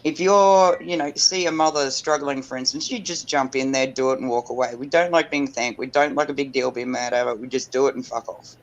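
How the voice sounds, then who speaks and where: A man's voice: mid-range voice, fairly quick, few pauses, dull audio. A man with an Australian accent in casual panel chat, blunt and emphatic, swearing freely.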